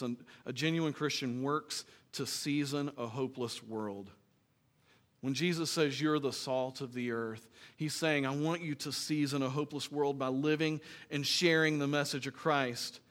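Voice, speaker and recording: A man pastor preaching a sermon in a church, earnest and emphatic, dropping into quiet, joking asides. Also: medium pitch.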